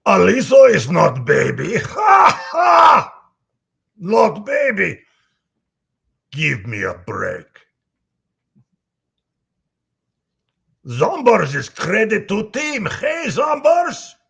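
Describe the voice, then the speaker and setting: A man voicing a huge boisterous Russian gunner who booms in broken English. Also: huge pitch swings, takes it slowly, gravelly, husky, full character voice. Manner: booming, broken English, gloating.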